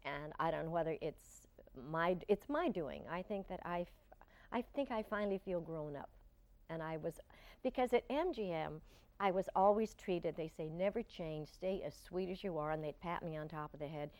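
Older woman, interview guest, reminiscing, halting restarts, lowish voice, dry close sound. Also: no echo. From Portland, Oregon. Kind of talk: reflective interview talk.

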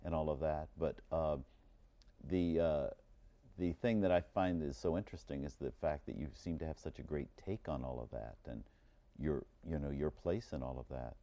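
A man's voice: very deep voice, normal speed, warm tone, no echo. A man interviewing a guest, asking long, hesitant questions full of fillers.

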